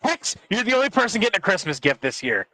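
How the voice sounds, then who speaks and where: A man's voice: high voice, sing-song, fast, pushed and bright, a little hiss or hum, low-quality recording. Profane, blustering man hosting a podcast. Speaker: podcast host. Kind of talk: crude casual banter.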